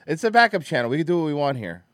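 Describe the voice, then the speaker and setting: A man hosting a podcast, joking crudely and loudly, breaking into goofy shouts. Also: fairly high pitch, sing-song, racing, background noise. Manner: loud, goofy, bursts into shouting. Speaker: podcast host. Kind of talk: crude comedic banter.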